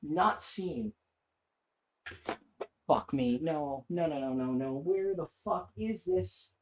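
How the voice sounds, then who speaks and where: A young woman streamer giving casual gameplay commentary at her home desk, swearing a lot and turning panicky and excitable. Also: low voice, slow pace, pauses often, a little hiss or hum. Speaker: gaming streamer.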